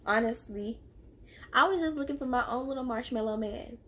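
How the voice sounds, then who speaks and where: A woman's voice: fairly high pitch, normal speed, breathy edge. A young woman casually telling a story from her own past, acting out the lines of the people in it. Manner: animated and confrontational, acting out quoted lines. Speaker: storyteller vlogger.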